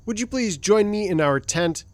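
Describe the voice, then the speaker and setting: An actor voicing a fussy, easily exasperated male explorer in a comedic audio drama, with whiny, yelling outbursts. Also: medium pitch, expressive, normal speed, no room sound, close to an everyday voice. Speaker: performer and show introducer.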